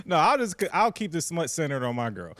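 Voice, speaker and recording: A young man co-hosting a casual podcast, telling a story in an expressive way and laughing often. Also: fairly high pitch, fairly quick, no echo.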